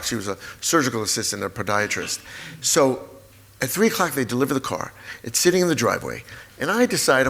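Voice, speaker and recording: A man in his sixties, a guest author in a live stage conversation, telling family stories with lively acted-out moments. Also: medium pitch. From United States. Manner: animated storyteller, acts out family scenes. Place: auditorium stage before an audience.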